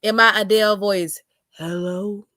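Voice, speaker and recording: A woman's voice: medium pitch, moderate pace, no room sound, clean studio sound. A young adult woman hosting a casual livestream, reading chat comments aloud with sassy drawling asides.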